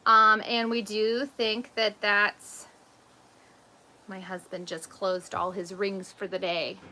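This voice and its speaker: Bright-voiced chatty woman vlogger. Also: medium pitch, level tone, slow pace. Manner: chatty, laughs often, many ums. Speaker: vlogger and mother. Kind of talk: casual livestream storytelling.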